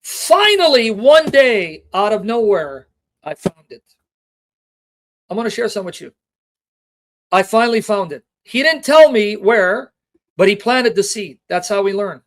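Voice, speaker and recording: A Bible teacher hosting a livestream has a high, sing-song voice and an unhurried delivery with long pauses. Emotional and passionate, he speaks straight to his viewers, reading scripture references aloud and asking rhetorical questions.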